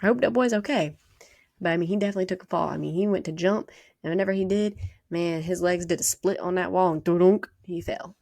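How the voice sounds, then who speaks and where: Woman, southern accent, podcast host, gravelly fry, dry close sound, chatty storytelling. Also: fairly low pitch, no room sound. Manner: chatty, animated retelling with quick quoted voices. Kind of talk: casual storytelling monologue.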